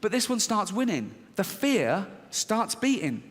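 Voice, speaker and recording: A man doing a stand-up comedy routine, telling the story in an animated, sweary, self-mocking way. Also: high-pitched, unhurried, big-room sound.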